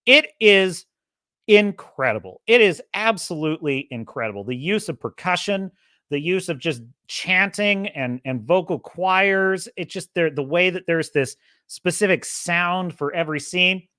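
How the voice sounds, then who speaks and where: A man's voice: high-pitched, animated, measured pace, pushed and bright, dry recording, studio quality. A man hosting a podcast, talking through a film review in a rambling, enthusiastic way and correcting himself as he goes. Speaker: podcast host. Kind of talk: casual film review monologue.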